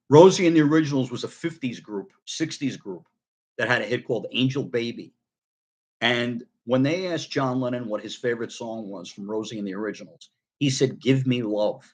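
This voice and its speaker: A middle-aged man talks casually to his viewers about a record he loves. His voice sits at an ordinary middle pitch. He rambles, restarts his sentences and fills pauses with ums. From United States. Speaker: record collector vlogger.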